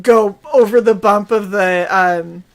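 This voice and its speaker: A woman co-hosting a casual livestream, telling an animated story, acting out the voices she quotes and laughing as she goes. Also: mid-range voice, slow. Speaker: co-host of a chill stream.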